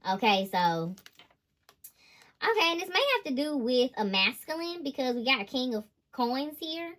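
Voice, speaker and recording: A woman reads tarot cards in an emphatic, slangy monologue. Her voice is bright and sharp. She talks with lively energy and laughs often. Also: sits high, moderate pace. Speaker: intuitive tarot reader.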